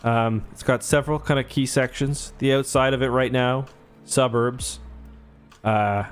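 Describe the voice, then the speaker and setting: A man's voice: mid-range voice, fairly even intonation, a little slow, soft background music. A young man casually chatting while livestreaming a city-building game, rambling and thanking viewers as he goes. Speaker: streamer.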